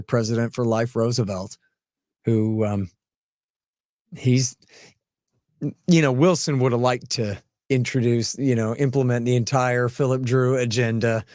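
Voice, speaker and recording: A man hosting a podcast, chatting casually and telling animated, chuckling stories. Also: medium pitch, dry recording, clean studio sound. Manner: animated, chuckling, repeats phrases. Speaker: podcast host. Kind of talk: casual chat, anecdotal storytelling.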